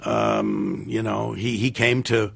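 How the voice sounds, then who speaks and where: An older man, a film director guest on a podcast, telling animated anecdotes, acting out other people's lines and restarting his sentences with lots of fillers. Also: on the low side, slow pace, vocal fry, breathy edge. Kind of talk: casual storytelling interview.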